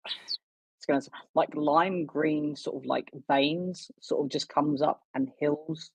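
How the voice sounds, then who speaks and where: A man's voice: fairly high pitch, steady tone, slow pace, gravelly, slightly rough, dry recording. A man playing in a tabletop role-playing game, describing what his character does in a hesitant, filler-heavy way. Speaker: player. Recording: dull, dry lo-fi recording.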